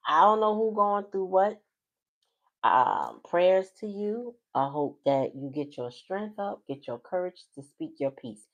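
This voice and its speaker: A woman's voice: on the low side, sing-song, measured pace, muffled recording. A woman giving a casual, chatty tarot reading on a livestream, talking loosely with folksy slang. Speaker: tarot reader.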